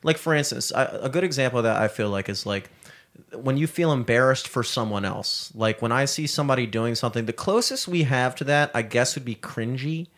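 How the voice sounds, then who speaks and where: A man's voice: medium pitch, brisk, fairly bright tone. A young man in casual podcast chat, rambling with many fillers and crude humor.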